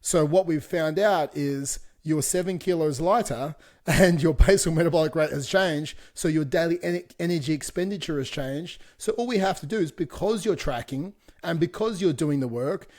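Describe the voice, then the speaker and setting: A fitness coach co-hosting a podcast speaks in a fairly high, darkish voice at a moderate pace. His casual chat is blunt and full of swearing, with laughter between his points.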